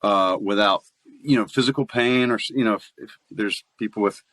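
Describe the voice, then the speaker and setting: A man's voice: on the low side, moderate pace, no room sound. A man who works as a voice actor, talking casually as a guest and telling stories with frequent laughs. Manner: chatty storyteller, laughs often, animated voice play. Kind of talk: casual podcast interview.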